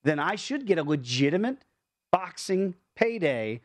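A man talking as a fight analyst on a sports betting show, emphatic and quick to pile up points. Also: on the high side, big pitch swings, dry recording. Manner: fast, emphatic, jumps between points.

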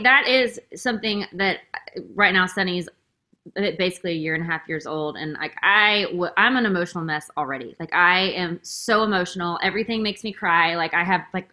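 A woman's voice: mid-range voice, sharp tone. A woman hosting a podcast, chatting in an emotional, effusive way and saying "like" constantly. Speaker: podcast host. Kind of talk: casual interview chat.

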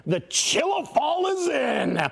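A man putting on a loud, theatrical high voice as a brash TV weatherman. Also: very animated, slow pace, vocal fry, full character voice. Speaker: weather reporter segment. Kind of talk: comic over-the-top weather report.

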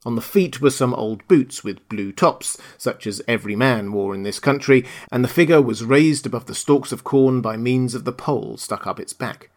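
Calm male storybook narrator. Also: medium pitch, moderate pace, hardly any pauses.

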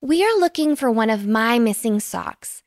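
A woman voicing a polite, curious little girl in a bedtime story, with a high, eager voice. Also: lively intonation, normal speed, no room sound, studio quality.

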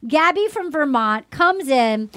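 High-voiced woman hosting a chatty podcast. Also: slow, no room sound, clean studio sound. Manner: animated storyteller who acts out quotes. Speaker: podcast host. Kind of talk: casual group chat recapping a dating show.

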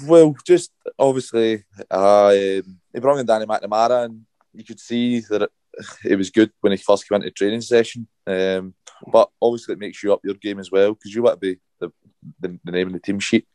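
A man's voice: fairly low pitch, brisk, warm tone, clear, resonant tone, no room sound. A man answering interview questions as a footballer, hesitant with many fillers. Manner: hesitant, many fillers, keeps saying obviously. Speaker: guest footballer.

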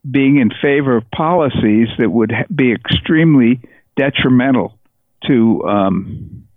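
A man being interviewed about his book on a podcast, speaking thoughtfully with many pauses and restarts. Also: mid-range voice, dry recording. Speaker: author, interview guest. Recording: dry tinny phone-like line.

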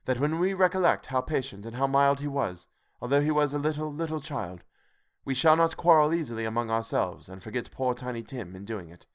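A man reading an audiobook, voicing a gentle, earnest working father who speaks with tender emotion. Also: mid-range voice, fairly quick, voice pushed up, natural voice. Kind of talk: audiobook character voice.

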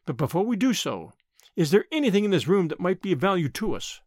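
A man voicing a calm, shrewd older male lawyer who speaks quietly and deliberately. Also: sits high, dry recording, clean studio sound. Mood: measured.

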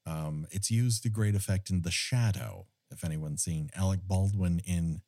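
A man hosting a casual film recap podcast, wry and profane, telling the story with lively asides. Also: sits low, normal speed, no room sound, clean studio sound. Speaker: former studio tour guide. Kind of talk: casual chat.

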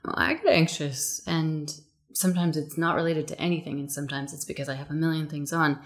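A woman hosting a casual podcast chat, talking quickly and with excitement. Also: low-pitched. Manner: animated, quick-talking, self-described fast speaker. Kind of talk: casual conversation.

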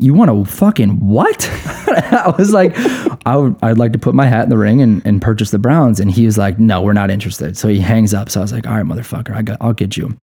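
Male guest, 30s, from Cleveland, low warm voice, profane and laughing storyteller. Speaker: podcast guest, coffee company co-founder. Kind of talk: casual storytelling chat.

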